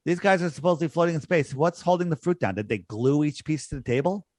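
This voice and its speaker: A man's voice: on the high side, fast talker, a little mellow, no echo, studio quality. A man talking in an emphatic, scornful way on a podcast, repeating his points for effect. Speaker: podcast guest. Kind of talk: conversational podcast argument.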